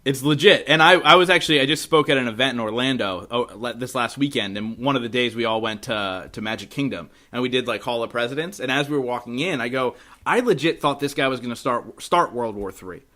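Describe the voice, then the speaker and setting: Bright-voiced excited podcast host. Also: male voice, medium pitch, fast talker, few pauses. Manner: enthusiastic, laughs often, says dude and legit. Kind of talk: casual interview chat.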